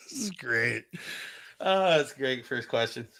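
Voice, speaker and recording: A male podcast host with a gravelly voice that swings up and down a lot. He jokes, swears freely and runs the game, telling the others what to do. The sound is dry and close. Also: medium pitch, sharp tone, no room sound. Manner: joking, profane, directs the others. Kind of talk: casual chat.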